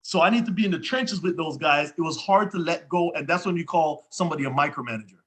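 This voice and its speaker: Co-host, reflective and slightly high. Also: male voice, quick pace, a bit bright, breathy edge. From Jamaica. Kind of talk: casual interview chat.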